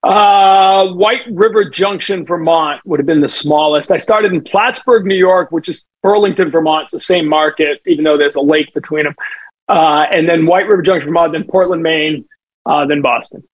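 A middle-aged man, a sports broadcaster guest telling lively stories in casual podcast chat, slipping into voices for his anecdotes. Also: fairly high pitch, moderate pace, husky, no room sound, rough recording. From New England.

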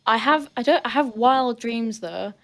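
A woman's voice: on the high side, unhurried. A young woman with a northern English accent, a guest on a casual podcast interview who talks in a chatty way, full of fillers and restarts. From Britain. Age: young adult. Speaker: guest athlete.

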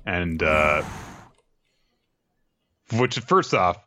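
A man co-hosting a podcast, recapping a show casually and in an animated way. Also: low voice, extremely slow, no room sound, studio quality. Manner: animated storyteller, laughs easily. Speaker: podcast co-host. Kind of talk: casual recap of an anime episode.

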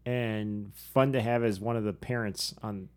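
A man with a lowish, darkish, clean voice and fairly even intonation co-hosts a casual podcast, chatting easily, laughing often and tossing side remarks into his partner's stories. He's a behavioral psychologist and coach, easygoing and quick to add caveats.

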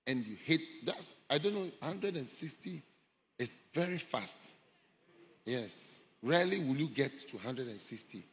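A man's voice: mid-range voice, animated, a little slow, a bit bright. A man preaching a sermon, retelling a story dramatically and acting out the voices of people in it. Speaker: bishop preaching. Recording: long hall reverb.

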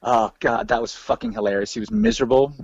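A man telling road stories as a podcast guest, animated, laughing and swearing freely. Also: mid-range voice, fast, vocal fry, crowd noise. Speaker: podcast guest, former band hypeman. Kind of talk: casual storytelling interview. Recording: dull lo-fi dry recording.

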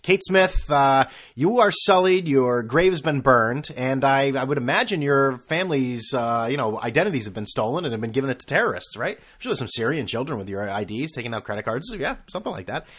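A young man talks through a solo podcast in a loose, rambling way, stacking fillers and restarts as he goes. His tone is sarcastic and mocking, and his pitch swoops up and down in a lively, animated way. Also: brisk, breathy edge. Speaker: podcast host. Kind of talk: casual solo podcast monologue.

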